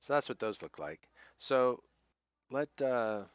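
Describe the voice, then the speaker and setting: A man narrating as game master of a tabletop game, describing scenes in an unhurried, hesitant way with frequent fillers. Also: medium pitch, animated, clear, resonant tone, no echo, clean studio sound.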